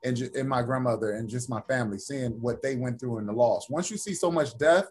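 A man's voice: mid-range voice, brisk. A man, an actor and author, talking as a guest in a casual interview and telling stories with energy. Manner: animated storyteller, acts out quoted voices.

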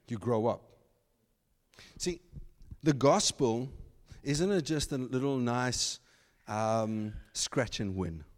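A man preaching a sermon as pastor, animated, slipping into mocking asides in put-on voices. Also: medium pitch, slow, pauses often, long reverb tail. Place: church.

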